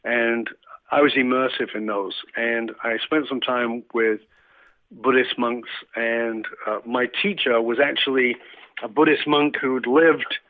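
A man's voice: mid-range voice, steady tone, unhurried, dry recording. A man from England telling a reflective story in conversation, with many fillers and restarts. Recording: tinny phone-like line.

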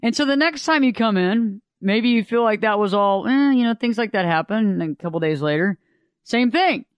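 A man with a high, smooth voice giving relationship advice in a casual monologue. He talks in an animated way and slips into the voices of the people he quotes. The sound is close and dry, with no room around it. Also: moderate pace, no room sound, muffled recording.

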